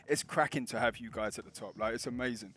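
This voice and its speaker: A man's voice: medium pitch, fast, a bit bright. A man hosting post-race interviews on a live stream, chatty and upbeat as he thanks viewers and drivers. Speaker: commentator hosting podium interviews. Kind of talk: casual live-stream commentary.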